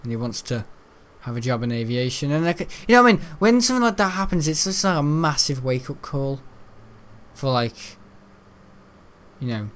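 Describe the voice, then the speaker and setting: Sing-song and a little fast, this gaming channel host has a medium-pitched, fairly bright voice and a British accent. He's a young man rambling casually over gameplay, chatty and meandering, with plenty of fillers and self-corrections.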